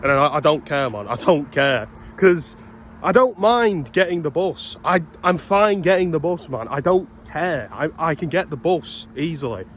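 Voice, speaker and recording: A man's voice: fairly high pitch, lively intonation, moderate pace, a bit bright, a little hiss or hum. Ranting young British man on street. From Britain. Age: 20s. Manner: swearing, exasperated storytelling. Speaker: vlogger. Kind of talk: casual ranting vlog. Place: outdoors walking along a street.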